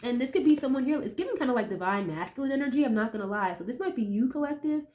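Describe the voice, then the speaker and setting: A woman still recovering from a cold reads tarot cards for viewers, her voice nasal, high-pitched, and darkish in tone. She talks very fast with lively intonation, chatting casually and thinking aloud with lots of tag questions.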